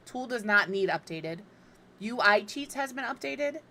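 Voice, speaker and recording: A middle-aged woman talks a little slowly in a bright, forceful, fairly high voice with lively intonation, and there's slight background noise. She's live streaming from a home room as she builds in a life-sim game, chatting to her cat and viewers with self-deprecating humor.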